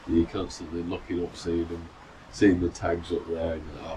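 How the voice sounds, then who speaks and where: A man's voice: low voice, level tone, moderate pace, warm tone. A middle-aged man casually recounting a long run in a rambling, chatty way, full of fillers and restarts, sitting out on a balcony. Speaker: runner vlogger. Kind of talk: casual storytelling. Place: outdoor balcony in the mountains. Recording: distant mic with noisy outdoor ambience.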